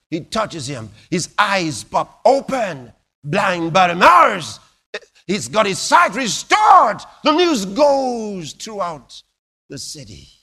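A male preacher delivering a sermon in a high, bright voice that swings widely in pitch. He tells his stories slowly and dramatically, leaping from hushed near-whispers to ringing shouts. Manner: dramatic, exclamatory storytelling with sudden loud bursts and hushed drops.

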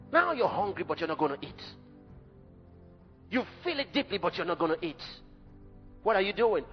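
A man preaching a sermon in an emphatic, dramatic way, rising at times to a shout. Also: sits high. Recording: dull lo-fi recording in a reverberant hall with faint music.

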